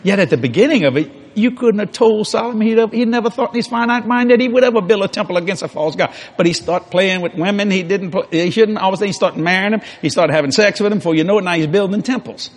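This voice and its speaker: An older man preaching, telling a story in a folksy, animated way and acting out the dialogue. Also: high voice, fast, hardly any pauses. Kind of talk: sermon storytelling.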